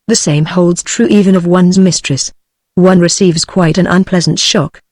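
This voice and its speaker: Here a low-ish, machine-generated woman's voice reads an audiobook at normal speed with a British accent. There's no room sound, and the text-to-speech delivery stays even throughout.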